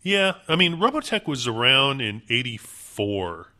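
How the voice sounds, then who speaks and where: A man's voice: medium pitch, very animated, measured pace, bright, forceful tone. A man co-hosting a casual podcast chat, enthusiastic and full of fillers. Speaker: podcast co-host.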